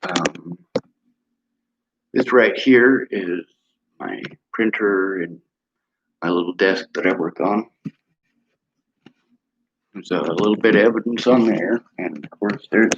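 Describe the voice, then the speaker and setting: A man's voice: low-pitched, slow, long pauses, noisy background. A man giving an angry, profane monologue while touring his cluttered small apartment, filming on a handheld phone. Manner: blunt, profane, aggrieved. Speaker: vlogger. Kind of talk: angry monologue and home tour. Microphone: handheld phone camera. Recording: dull lo-fi phone recording.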